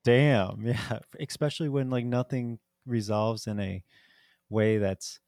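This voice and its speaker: A man's voice: fairly low pitch, measured pace, dark tone, no echo, studio quality. A man co-hosting a podcast, chatting casually about a movie, rambling with lots of "like" and frequent laughter. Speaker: podcast co-host. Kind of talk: casual movie review chat.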